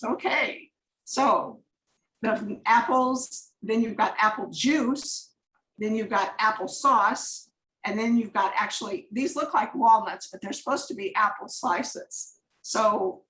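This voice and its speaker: Chatty higher-voiced woman on a video call. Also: a bit bright. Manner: chatty, rambling, anecdotal. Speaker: guest presenter on a coaching call. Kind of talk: conversational slide presentation. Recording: echoey room on a video call.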